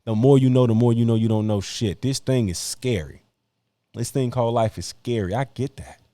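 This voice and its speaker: Blunt and full of slang, a young man preaches hard-work advice to other men as he hosts a podcast, mixing casual debate with preachy monologue. He speaks at a medium pitch and normal speed with a warm tone, captured in a dry recording.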